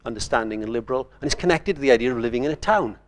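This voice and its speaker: A man's voice: medium pitch, expressive, very fast. An older man from Wales, a writer speaking on a conference panel in a thoughtful, digressive way.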